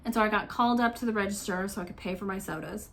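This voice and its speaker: A woman's voice: mid-range voice, very fast, gravelly, a bit bright. A woman hosting a cross-stitch vlog, telling stories in a chatty, enthusiastic way and laughing often. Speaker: Flosstube host. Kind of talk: casual storytelling vlog.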